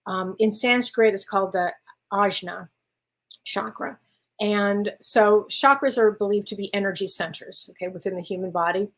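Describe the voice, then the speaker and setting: A woman's voice: medium pitch, normal speed. A middle-aged woman, a spiritual medium hosting her show, telling a personal story in casual chat and acting out the dialogue. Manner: animated anecdote teller who acts out dialogue.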